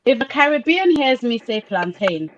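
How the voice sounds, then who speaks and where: A woman's voice: fairly high pitch, very animated, moderate pace. A woman from Nigeria living in Britain, speaking passionately and emphatically on a video call, repeating her points for stress. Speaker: podcast co-host. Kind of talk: casual discussion on a video call. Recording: slightly dull lo-fi call audio.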